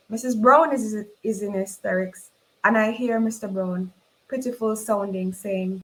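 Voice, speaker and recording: A woman with a Jamaican accent reading a novel aloud in first person, expressive and dramatic. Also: medium pitch, a little slow, rough recording. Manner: expressive, voices the characters in dialogue. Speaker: reader.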